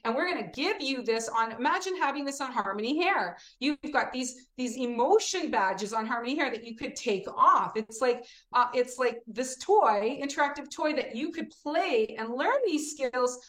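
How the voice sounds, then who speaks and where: A woman teacher talking in an interview, expressive, often acting out classroom examples and asking "right?". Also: high voice, normal speed, hardly any pauses. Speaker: teacher and children's program creator. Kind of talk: animated interview talk. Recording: echoey room.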